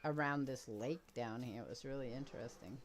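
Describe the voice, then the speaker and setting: A woman's voice: very deep voice, fairly quick, crowd noise. An older woman casually chatting and laughing while streaming a game with her daughter. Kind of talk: casual gameplay chat.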